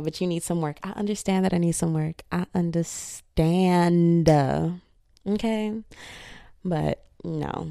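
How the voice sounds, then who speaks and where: A young woman hosting a podcast in slangy, animated casual chat, feeling a bit unwell. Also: low-pitched, creaky, dry recording, studio quality. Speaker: podcast host.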